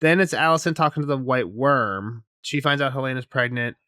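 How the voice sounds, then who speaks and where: A man's voice: mid-range voice, a little fast, no room sound, studio quality. A young man co-hosting a podcast, casually recapping a TV episode, acting out character lines and laughing often. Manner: animated retelling, quoting characters, laughing often. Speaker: podcast co-host.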